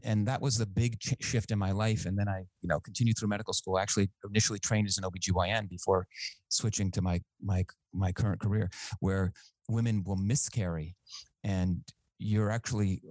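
A man, a physician and author, telling his story as a guest in a radio interview, earnest and measured with small restarts. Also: low-pitched, darkish tone, dry recording, poor audio.

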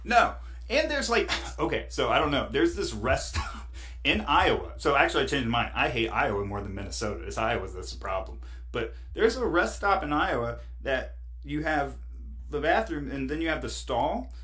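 Animated man telling road stories. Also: medium pitch, moderate pace. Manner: animated, laughing, rambling with many fillers. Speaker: podcast guest. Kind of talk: casual storytelling chat.

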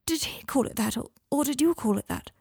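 A woman voices a fragile young wizard, bewildered and faint, in an audiobook. His lines rise into a high, unsure lilt. The sound is dry and close. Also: animated, a little fast, gravelly, a little mellow, no echo. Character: shaken young wizard man, dazed and fragile.

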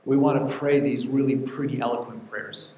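A man's voice: mid-range voice, fairly even intonation, moderate pace, a little hiss or hum. A man preaching a sermon, repeating key words and building to fervent, almost sung emphasis. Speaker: pastor. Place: church. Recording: echoey hall, dull sound.

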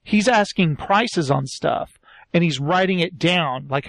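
A man's voice: fairly high pitch, fairly quick, no echo. A man chatting casually on a comedy podcast, retelling a TV show and acting out the people in it. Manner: animated storyteller, acts out quotes in put-on voices.

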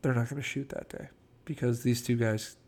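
A man's voice: mid-range voice, fairly even intonation, a little fast, darkish tone, slightly rough. A man casually telling behind-the-scenes film anecdotes in a chatty way, acting out quotes. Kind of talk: casual storytelling commentary.

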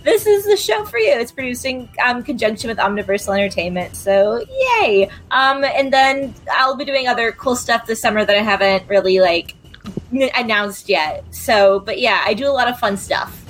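A woman's voice: fairly high pitch, animated, moderate pace, fairly bright tone, slight background noise, rough recording. A woman player and performer chatting casually about her upcoming projects, giggly and upbeat. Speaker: actor and tabletop player. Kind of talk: casual chat.

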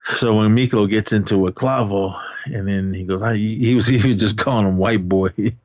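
On this casual podcast movie recap, a man with a lowish, fairly evenly intoned voice talks at a moderate pace, wandering through the plot and performing the characters' quotes himself. There's no echo, but the sound is dull and lo-fi.

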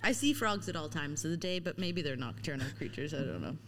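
A woman's voice: sits low, lively intonation, fairly quick, a bit bright, slight background noise. A woman from Louisiana, a podcast guest, chatting casually and laughing between phrases. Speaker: podcast guest, mountain biker. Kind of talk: casual chat.

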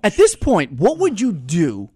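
A man's voice: sits high, wildly swooping pitch, a little slow, dark tone, breathy edge, no echo, clean studio sound. A man hosting a casual interview, egging the guest on and swearing along. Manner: eggs guest on, swears, chimes in. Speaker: interviewer host.

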